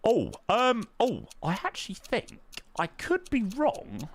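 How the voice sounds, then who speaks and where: Excitable man streaming live. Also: high voice, slow. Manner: excitable, swings between muttering and loud outbursts. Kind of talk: casual live-stream chat while playing.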